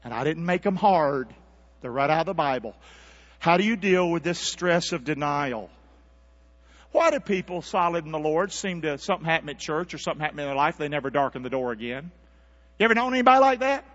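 A preacher with a high, animated, bright voice drives his sermon with call-and-response. The sound is dull and carries a long church reverb. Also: fairly quick. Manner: call-and-response preaching, shifts from near-whisper to shouting. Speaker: pastor. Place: church sanctuary.

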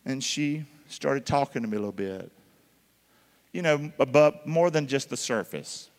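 A man preaching to his congregation in a large sanctuary, his voice carrying a long reverb off the walls. He keeps calling for answers from the room and swings between loud, punchy lines and near-whispers. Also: mid-range voice, animated, moderate pace. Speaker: pastor. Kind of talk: sermon.

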